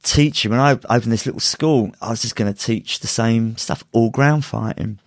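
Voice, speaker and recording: A man's voice: mid-range voice, moderate pace, no room sound, studio quality. A man, a martial arts instructor and podcast guest, telling a story casually with many restarts and frequent laughter. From United Kingdom.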